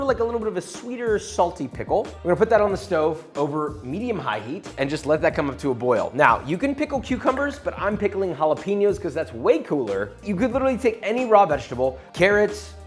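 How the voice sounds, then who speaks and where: Lively, playful man teaching a recipe. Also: high voice. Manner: playful, jokey asides while instructing; confident, opinionated. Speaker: cooking video host. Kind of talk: recipe tutorial talk.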